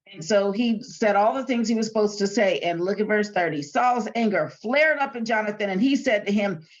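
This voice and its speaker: Woman Bible study leader, colloquial and chatty, mid-pitched voice, muffled recording. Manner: chatty and colloquial, retelling the story in everyday terms. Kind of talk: casual Bible study teaching, reading scripture aloud.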